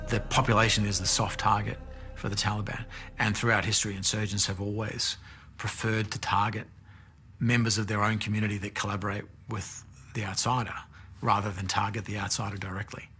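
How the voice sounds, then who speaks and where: A man's voice: fairly low pitch, flat delivery, a little fast, pushed and bright, faint music behind. A man giving an earnest, analytical documentary interview.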